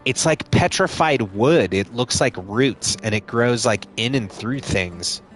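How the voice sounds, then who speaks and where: A man's voice: medium pitch, animated, a little slow. Guy streaming a game, jokey, swears, game music behind. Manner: casual, joking, swears, laughs often. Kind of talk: live game commentary.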